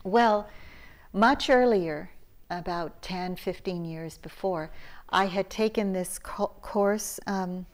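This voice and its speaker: A woman's voice: medium pitch, slow pace. A middle-aged woman teacher giving a dharma talk at a meditation retreat, telling a story conversationally with laughs and restarts.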